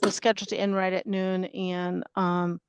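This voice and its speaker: A woman who is sick and tired opens a remote public meeting over a video call, talking haltingly with many fillers and restarts. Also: lowish voice, little pitch movement, muffled recording, background noise. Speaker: commission member opening a public meeting.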